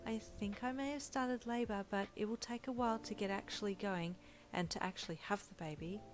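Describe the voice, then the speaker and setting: A woman voicing an exhausted young woman in labour, quiet and strained. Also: mid-range voice, a little fast, faint music behind, pitched above the performer's own voice, natural voice.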